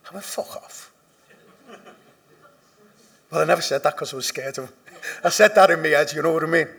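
Gravelly Liverpool man, blunt and profane. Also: a little high, racing. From Liverpool, England. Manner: blunt and profane, swinging from hushed confession to loud laughing emphasis. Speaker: speaker sharing at a recovery meeting. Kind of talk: personal recovery testimony.

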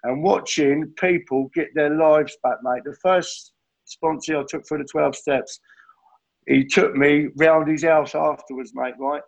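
A man's voice: on the high side, fairly even intonation, unhurried, vocal fry, rough recording. A man sharing his recovery story at a meeting, earnest and heartfelt, often calling listeners "mate". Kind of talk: personal testimony at a recovery meeting.

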